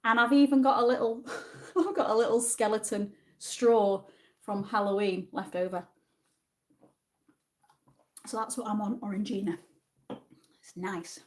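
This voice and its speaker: A woman's voice: medium pitch, fairly even intonation, normal speed, long pauses. A woman from Yorkshire with a northern English accent, hosting a casual livestream quiz and chatting back to viewer comments. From Yorkshire, England. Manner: chatty, reads viewer comments aloud and answers them. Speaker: livestream host.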